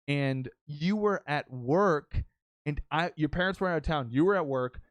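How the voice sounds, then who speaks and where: A young adult man hosting a podcast, telling an excitable, swear-heavy story in casual chat with many restarts. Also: fairly high pitch, normal speed, dry recording. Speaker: podcast host and streamer.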